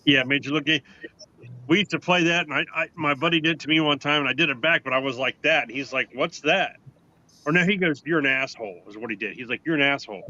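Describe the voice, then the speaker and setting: A man with a bright, somewhat high voice trades crude, profane jokes and rambling stories in loose chat among friends. His voice comes through a dull, lo-fi recording. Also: quick pace. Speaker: podcast co-host.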